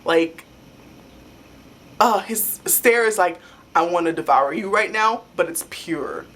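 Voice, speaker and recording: Rambling, excitable young woman vlogger. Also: fairly low pitch, slow. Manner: rambling and excitable, many "like" fillers. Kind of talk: casual fan storytelling.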